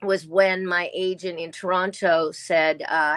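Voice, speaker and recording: A woman's voice: on the low side, fairly even intonation, a little slow, hardly any pauses, a bit bright. A woman in her sixties, originally from Australia, talking as a guest actor in a casual interview and telling chatty stories full of quoted asides.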